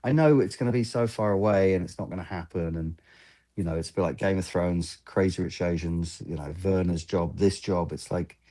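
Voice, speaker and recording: A man in his fifties with a deep, dark, mellow voice tells casual, rambling stories from film sets. He keeps slipping into the voices of people he quotes, acting out the back-and-forth. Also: a little fast. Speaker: film lighting gaffer, guest. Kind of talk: casual interview storytelling.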